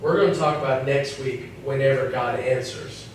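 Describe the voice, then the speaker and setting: A man's voice: mid-range voice, normal speed. A man giving a casual, joking sermon to young people, acting out little voices as he talks. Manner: chatty, acts out voices, jokes. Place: church hall. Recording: echoey room, mic at a distance, faint noise.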